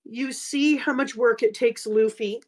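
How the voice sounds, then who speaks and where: A middle-aged woman in casual conversation, with a slightly high voice. She tells her story animatedly and acts out what people said. The talk is loose and unscripted. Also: fairly even intonation, unhurried, darkish tone. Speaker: guest reader, mother. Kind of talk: casual chat.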